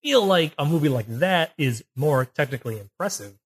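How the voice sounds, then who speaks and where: A man's voice: a little high, animated, moderate pace, slightly rough. A man co-hosting a casual film podcast, rambling and restarting as he explains camera technique. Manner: rambling, self-correcting, explains technical detail. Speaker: podcast co-host. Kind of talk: casual chat. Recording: poor audio, uneven levels.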